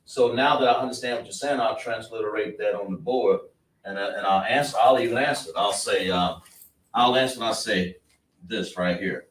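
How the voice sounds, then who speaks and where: Teaching a class at a board, a man repeats words and quizzes his students in a question-and-answer style. His voice is on the low side, fairly quick and fairly bright, heard from a distance in an echoey room.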